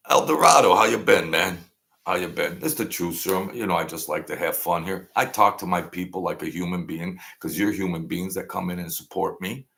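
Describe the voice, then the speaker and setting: A man's voice: low voice, steady tone, moderate pace, creaky, a bit bright. A man in his sixties hosting a live stream, talking casually and rambling to his viewers, often digressing and laughing at his own jokes. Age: 60s.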